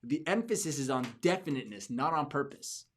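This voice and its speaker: A man's voice: on the high side, animated, fairly quick, a little hiss or hum. A man hosting a podcast for entrepreneurs, giving a motivational talk with emphatic repeats and restarts. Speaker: podcast host.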